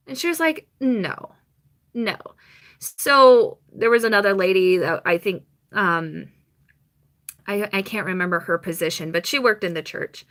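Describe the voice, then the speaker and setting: A young woman chatting on a live stream, telling a rambling personal story with quick laughs and mock quotes. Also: on the high side, bright, forceful tone.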